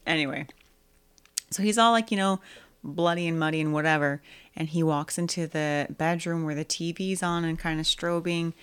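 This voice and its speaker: A young adult woman co-hosting a casual movie podcast, animated, breaking into high squeaky voices to act out scenes. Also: normal speed, smooth. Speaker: podcast co-host.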